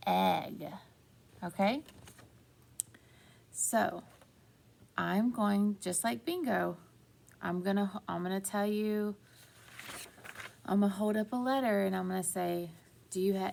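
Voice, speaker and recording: A woman teaching young children a phonics lesson, slow and encouraging, stretching out words. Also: medium pitch, creaky, a little mellow.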